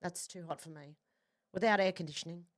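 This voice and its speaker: A woman hosting a livestream, reading out viewer comments in casual chat with quick, chatty asides. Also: fairly low pitch. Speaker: livestream host.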